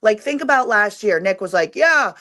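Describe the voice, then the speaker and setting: Woman, casual stream co-host, irritated, swears a lot, mid pitch. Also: lively intonation, fairly quick, a bit bright. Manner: irritated, profane, blunt. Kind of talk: casual live-stream chat.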